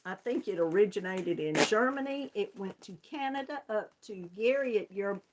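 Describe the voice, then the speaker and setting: Speaking at a normal speed in a mid-range, animated voice, this middle-aged woman hosts a crochet channel. Her Southern US accent comes through as she casually greets viewers, laughing frequently and calling them hon.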